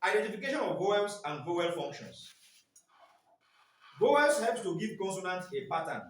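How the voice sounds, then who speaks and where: A man's voice: high-pitched, big pitch swings, normal speed. A man training teachers in phonics, quizzing the class with repeated "what?" questions. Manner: quizzing, asks "what?" and waits for answers. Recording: echoey room, mic far off.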